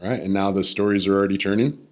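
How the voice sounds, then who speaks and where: A man's voice: sits low, steady tone, fast talker. A man in his thirties, a podcast guest, telling a personal story in a reflective way and sometimes acting out what others said. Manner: reflective, acts out the voices of others.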